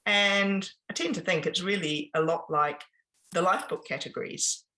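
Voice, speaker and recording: A woman giving an informal business presentation, chatty and pausing often with ums and restarts. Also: fairly low pitch, bright, forceful tone, rough recording. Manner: conversational, with frequent ums and restarts.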